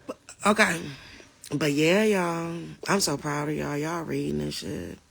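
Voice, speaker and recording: Animated woman hosting a live Q&A. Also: low-pitched, measured pace, vocal fry, slight background noise. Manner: animated and emphatic, addresses the viewers as y'all. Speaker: livestream host answering viewer questions. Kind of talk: casual live Q&A reading chat comments.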